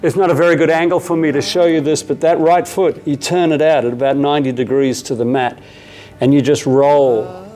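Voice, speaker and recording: Calm Australian man guiding yoga. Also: on the high side, fairly quick, soft background music. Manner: calm, steady step-by-step cues, casual asides. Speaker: yoga teacher. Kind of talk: guided yoga class instruction. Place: yoga studio.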